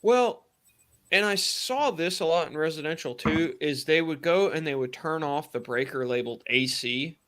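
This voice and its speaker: Bright-voiced man telling trade stories. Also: on the high side, normal speed. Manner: laid-back, profane, acts out quotes. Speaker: co-host and tradesman. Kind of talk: casual live-stream storytelling.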